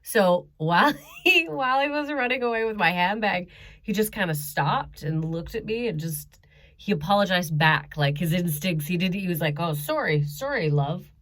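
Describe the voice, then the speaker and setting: A woman's voice: lowish voice, normal speed, fairly bright tone. Chatty woman doing stand-up. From Canada. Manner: chatty, self-mocking, frequent laughs and ums. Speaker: stand-up comedian. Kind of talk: stand-up comedy set over video. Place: home bedroom.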